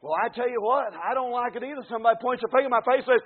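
A high-pitched man in his forties preaches a fervent sermon, moving from quiet, conversational asides to shouted climaxes. The sound is thin and narrow, like a radio broadcast heard over a phone line. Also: expressive, rapid-fire, few pauses.

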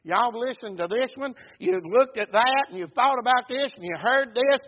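A man with a drawl delivers a folksy sermon at a normal pace, repeating words as his high, husky voice swells to near shouts and then drops low again. The recording sounds thin, almost like a phone line.

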